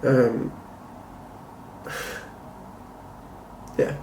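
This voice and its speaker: A man hosting a casual review vlog, talking to camera in a measured, thoughtful and critical way. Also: warm tone, slight background noise. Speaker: comic book collector and channel host. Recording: roomy echo, faint ambience.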